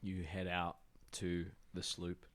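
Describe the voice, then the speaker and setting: A man with a very low voice runs a tabletop game. He describes the scene in a relaxed, loose way, pausing with fillers as he goes. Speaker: game master.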